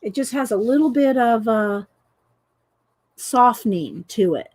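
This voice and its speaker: A woman's voice: on the high side, expressive, unhurried, darkish tone. A middle-aged woman, hosting a casual coloring livestream, chatty and laughing often as she greets viewers. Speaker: livestream host demonstrating coloring.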